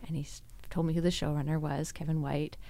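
A woman guest in a casual interview, telling her story in a lively way and acting out the lines of people she quotes. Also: sits low, quick pace, gravelly, dry recording. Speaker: podcast guest, actress and screenwriter.

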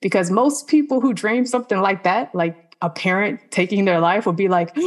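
A woman's voice: mid-range voice, normal speed. A woman telling a personal faith testimony as a podcast guest, earnest and conversational, with many "like" fillers.

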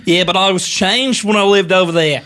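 A man's voice: sits high, very animated, moderate pace, pushed and bright, full character voice. A man in an improv comedy scene playing a stubborn husband who talks in a bad fake Australian accent. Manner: stubborn, playful, laughs often.

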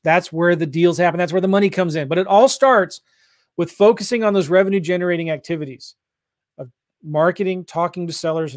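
A man from St. Louis coaching real estate investors on a livestream, pushing hard in an energetic sales style. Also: a little high, no echo, clean studio sound. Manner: pushy, energetic sales talk.

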